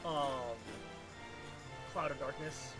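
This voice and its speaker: A man rambles through casual gaming chat, trips over his words and restarts his sentences, and swears now and then. His voice sits fairly high, with game music clearly audible behind him. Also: steady tone, slow pace. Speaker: co-player.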